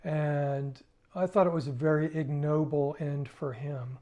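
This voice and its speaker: An older man, a musician, recalling his past in a casual, halting spoken story with restarts. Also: fairly high pitch, steady tone, mellow.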